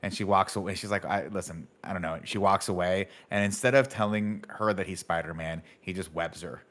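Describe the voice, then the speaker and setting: A man's voice: low voice, fairly bright tone. A man co-hosting a podcast, casually recapping a film scene by scene in a playful, joking way. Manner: playful, acts out lines in quick jokey voices. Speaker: podcast co-host.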